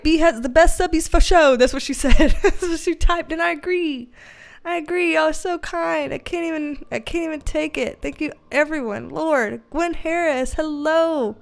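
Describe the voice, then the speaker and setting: A young woman hosting a casual livestream, reading viewer comments aloud, giggling often, swearing freely and greeting people with excited bursts. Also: high-pitched, gravelly. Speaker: livestream host, tarot reader.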